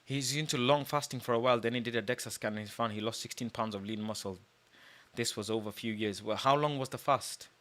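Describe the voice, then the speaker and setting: A man's voice: mid-range voice, quick pace, a bit bright. A man streaming casually, boastful and heated, swearing a lot and using street slang. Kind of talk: casual livestream chat.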